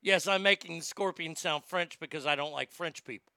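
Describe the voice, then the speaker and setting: Bright, gravelly man ranting profanely. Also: fairly high pitch, fairly quick, no echo. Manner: profane, blustering, stammers when worked up. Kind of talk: comedic rant.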